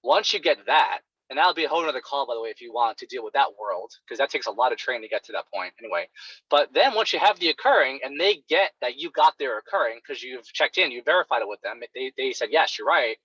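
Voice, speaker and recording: Animated male sales coach, bright lo-fi voice. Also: medium pitch, fast, husky, no echo. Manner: animated, acts out clients' reactions. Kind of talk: coaching talk on a call. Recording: dull, lo-fi sound.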